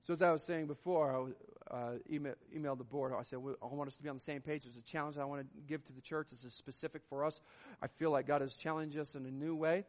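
A pastor preaches a sermon, his emphatic delivery swelling and dropping in volume. His voice is on the high side, he talks fast, and his intonation stays fairly even. A long hall reverb surrounds the recording.

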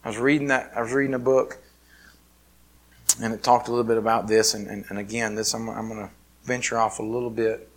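Lower-voiced man preaching casually. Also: level tone, a little fast, low-quality recording. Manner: casual, filler-heavy delivery with many restarts; swings between loud emphatic peaks and quiet, hushed asides. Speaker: pastor. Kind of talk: conversational sermon.

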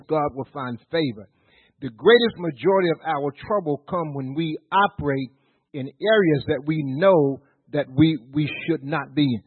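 Man preaching, from Virginia, husky voice, somewhat high pitch, tinny phone-like recording, stammering restarts. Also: dry recording. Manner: folksy storytelling with repeated stammered restarts; rising, rhythmic preaching repetition. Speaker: pastor. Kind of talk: sermon. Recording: dry, tinny phone-like sound.

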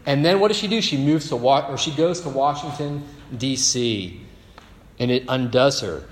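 A man's voice: mid-range voice, expressive, normal speed. Man preaching in an echoing hall. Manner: storytelling, rhetorical asides. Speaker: pastor. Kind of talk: sermon. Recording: echoey hall with faint ambience.

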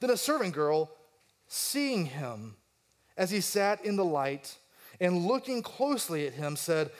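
A man's voice: on the high side, sing-song, a little slow. A man preaching an expository sermon, reading verses and acting out the quoted lines, asking his listeners questions. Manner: asks the congregation questions. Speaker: pastor.

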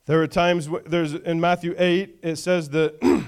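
A man's voice: a little high, flat delivery, normal speed, darkish tone, smooth. A male pastor preaching a conversational sermon, often checking in with the congregation.

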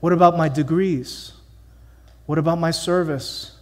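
A man's voice: fairly high pitch, steady tone, unhurried, darkish tone, in a large hall, lightly acted. A man voicing a learned, middle-aged religious teacher who asks incredulous, sarcastic questions.

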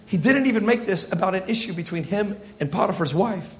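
A man preaching a sermon, animated and humorous, retelling scripture with slang. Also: high voice, a little fast. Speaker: pastor.

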